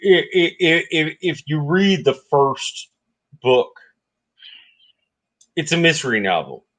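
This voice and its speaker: A man's voice: on the high side, very animated, slow pace, a bit bright. A man in a casual book chat who stammers, repeating words as he starts his points. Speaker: podcast co-host.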